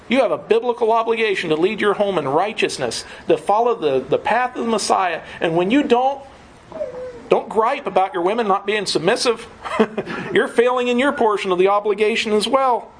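A man's voice: high voice, moderate pace, a little hiss or hum, poor audio. A man preaching a sermon, earnest teaching that often breaks into a chuckle.

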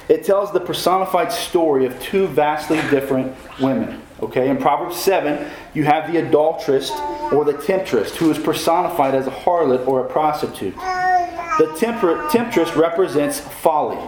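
A man's voice: fairly high pitch, sing-song, normal speed. Man preaching in an echoey room. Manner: preaching with questions to the congregation. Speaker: pastor. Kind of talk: sermon.

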